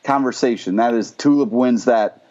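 A man's voice: mid-range voice, normal speed, warm tone. A man co-hosting a podcast, chatting casually about a TV episode with blunt, heated opinions and lots of swearing. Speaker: podcast co-host. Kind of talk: casual TV recap chat. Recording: dull lo-fi sound.

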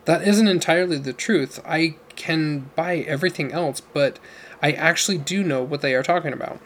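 An anxious, earnest young man, voiced by the male reader. His pitch sits a bit raised and his delivery is plain and everyday. Faint noise hums underneath. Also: moderate pace, a bit bright, close to an everyday voice. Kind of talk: audiobook character voice.

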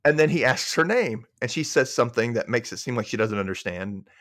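A man co-hosting a podcast, retelling a sitcom scene beat by beat. He acts out the characters' lines as he goes, in a mid-pitched voice. The sound is dry and close. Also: brisk, no echo. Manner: animated retelling, acting out lines. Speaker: podcast co-host. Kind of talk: recapping a sitcom episode.

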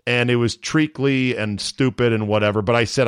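Male sports podcast host; blunt, profane, animated banter; dry close mic. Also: mid-range voice, normal speed, clean tone, no echo. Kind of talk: casual sports talk banter.

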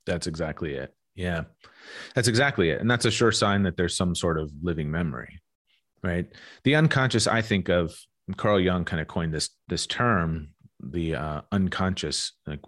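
A man's voice: low-pitched, expressive, moderate pace, fairly bright tone. A young adult man talking frankly and reflectively in a podcast conversation, swearing casually as he goes. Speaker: guest.

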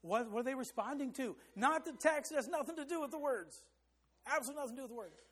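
Guy with a pretty high voice preaching, singing bits of hymns now and then, leans hard on his points. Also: fast, a bit bright. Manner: sings short hymn phrases to show rhythm; emphatic, rising for stress. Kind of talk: sermon.

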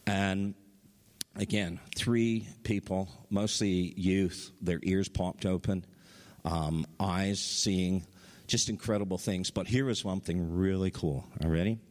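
A man preaching a sermon, telling stories with excitement and his voice jumping up high at the big moments. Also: takes it slowly, big-room sound. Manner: excited storytelling, voice rising high at highlights. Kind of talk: sermon testimony.

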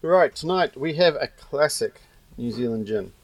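Joking male podcast host, mid-pitched. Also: animated, normal speed, no room sound, poor audio. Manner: jokey, rambling storytelling. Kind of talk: casual chat.

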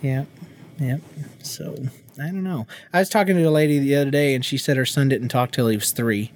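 A man's voice: mid-range voice, fairly quick. Laughing man telling stories about his kids. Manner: laughing storyteller who acts out quotes and sings nonsense beats. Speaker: podcast co-host. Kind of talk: casual chat.

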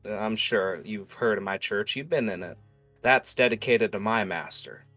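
A man voicing a stern middle-aged cleric who speaks gravely and quietly. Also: fairly low pitch, moderate pace, dry recording, soft background music, close to an everyday voice. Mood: solemn.

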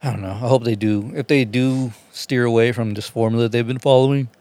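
A man's voice: medium pitch, steady tone, a little fast, dark tone. A man in a casual chat with friends, laid-back and profane, often restarting his sentences.

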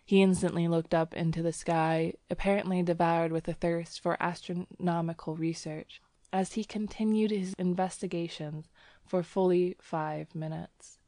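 A woman reading a story aloud in a gentle, even narration. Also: on the low side, normal speed, dry recording, studio quality. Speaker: audiobook reader. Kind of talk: scripted narration.

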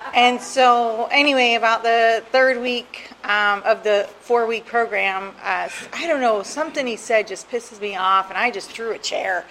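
A woman's voice: a little high, moderate pace, fairly bright tone, slight background noise, rough recording. A middle-aged woman from New Jersey tells her own story candidly, mocking herself and laughing often. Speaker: guest sharing her recovery story. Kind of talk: personal storytelling.

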